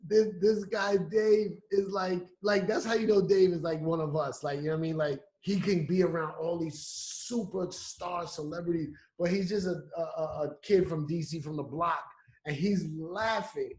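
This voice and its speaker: Animated storytelling man, roomy sound. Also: a little high, moderate pace. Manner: animated, acting out quotes with restarts. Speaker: podcast guest. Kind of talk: casual storytelling. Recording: roomy echo.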